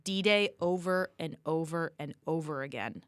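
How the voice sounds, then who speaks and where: A woman teaching history in an easygoing, chatty manner, her voice smooth and clear and sitting a little low. The sound is dry and close, with no room around it. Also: measured pace, no room sound. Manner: relaxed explaining, casual contractions. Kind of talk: conversational history lesson.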